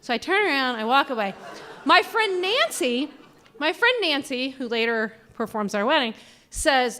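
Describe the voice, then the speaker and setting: A woman in her forties telling a personal story live on a small theater stage. Her voice is bright and slightly high, and she talks in an animated, self-deprecating way. She acts out the voices of the people she quotes. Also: moderate pace.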